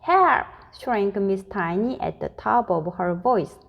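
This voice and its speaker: A woman voicing a tiny, timid little woman with high, squeaky, frightened cries in a storybook reading. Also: measured pace, gravelly, dull audio. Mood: panicked.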